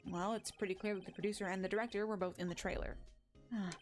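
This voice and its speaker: Excitable young female sidekick, bubbly, pitched up, a woman doing the voice. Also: fast talker, faint music behind, natural voice. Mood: excited.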